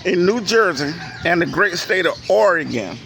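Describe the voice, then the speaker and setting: A man telling a story in a casual, profane, animated way for his vlog. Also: high voice, moderate pace, vocal fry. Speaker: vlogger. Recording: noisy outdoor recording. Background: roosters and chickens.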